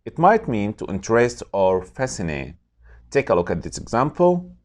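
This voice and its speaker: A man teaching English vocabulary, saying each word slowly and repeating it for pronunciation. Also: on the low side, sing-song. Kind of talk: scripted vocabulary lesson.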